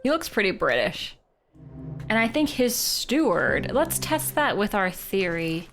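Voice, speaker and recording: Over music, a Canadian woman offers casual gameplay commentary on her live stream, unhurried and medium-pitched. She's animated and full of jokes, chatting directly with her viewers.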